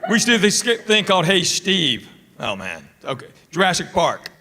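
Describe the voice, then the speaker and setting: A male comedian tells a stand-up story on a theater stage. His voice sits high for a man, and he acts out the quotes as he goes. The live recording carries a long hall reverb, with clear crowd noise behind him. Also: very animated, normal speed. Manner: storytelling with acted-out quotes, laughing along.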